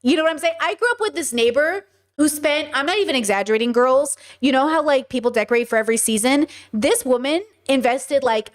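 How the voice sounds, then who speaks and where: Animated high-voiced woman streamer. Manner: animated, rhetorical, chatty with viewers. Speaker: streamer and podcast host. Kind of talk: casual live-stream commentary.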